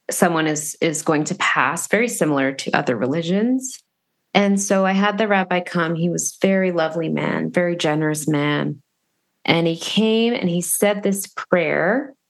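A woman speaks with a slightly low voice as she shares a personal story on her podcast. She sounds earnest and reflective, and she pauses and restarts often as she gathers her thoughts. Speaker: podcast host.

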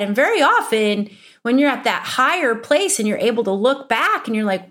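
A woman's voice: on the high side, big pitch swings, moderate pace, a bit bright. A woman in her thirties with an Upper Midwestern accent, teaching as a spiritual coach in an earnest, emphatic way that repeats key phrases. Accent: Upper Midwestern American. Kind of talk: teaching monologue.

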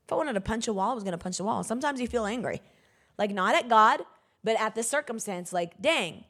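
A woman preacher giving an emphatic sermon, breaking into bursts of loud exhortation. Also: on the high side, animated, a little fast.

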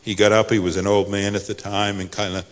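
A male pastor, preaching a sermon that swings from soft to loud. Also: lowish voice, little pitch movement, a little fast, long reverb tail.

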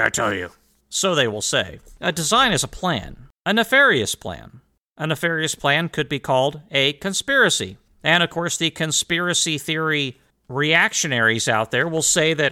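Fiery, animated man lecturing listeners. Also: fairly high pitch, moderate pace. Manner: emphatic and rhetorical, addressing listeners directly; sarcastic asides. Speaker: host. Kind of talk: history commentary monologue.

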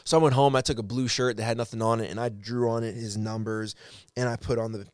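A man's voice: medium pitch, fairly even intonation, fast talker, a little mellow, dry recording, clean studio sound. A man telling a personal story to his viewers in a casual, heartfelt way, rambling and correcting himself as he goes. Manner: rambling, with frequent restarts and self-corrections; earnest and encouraging.

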